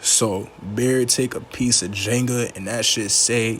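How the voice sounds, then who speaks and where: A man giving a casual, animated movie recap full of slang, acting out the characters' lines as he goes. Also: medium pitch, takes it slowly, slight background noise. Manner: animated, slangy storytelling with frequent laughs. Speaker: movie reviewer.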